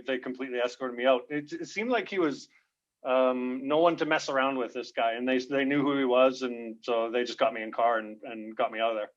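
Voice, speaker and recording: Man telling stories on a dull, lo-fi line. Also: mid-range voice. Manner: lively, laughs often, acts out shouts in his stories. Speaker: guest comedian. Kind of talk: animated storytelling in a podcast interview. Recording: dull lo-fi sound.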